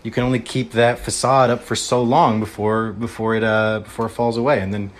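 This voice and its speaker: A man calling in, halting and restarting as he gives his opinion. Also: fairly low pitch, level tone. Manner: halting, many fillers and restarts. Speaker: caller. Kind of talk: casual opinion talk.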